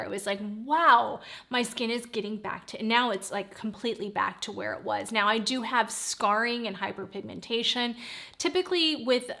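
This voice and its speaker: A woman's voice: medium pitch, gravelly, a bit bright. A woman in her forties, a beauty vlogger chatting casually to camera, rambling and drifting into side notes. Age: 40s.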